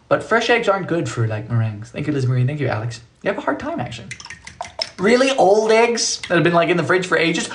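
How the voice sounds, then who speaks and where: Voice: fast, a little hiss or hum. A young adult baking on a live stream, chatting casually and reading out messages from viewers. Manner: chatty, reads out and answers chat messages; animated, sudden high exclamations. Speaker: livestreamer.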